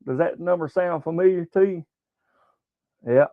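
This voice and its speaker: A man's voice: a little high, normal speed, no room sound. Man, Southern American accent, folksy, rambling, livestream host, tinny phone-like audio. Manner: rambling, folksy, many fillers. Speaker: sports show host. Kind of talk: casual livestream chat. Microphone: webcam livestream setup.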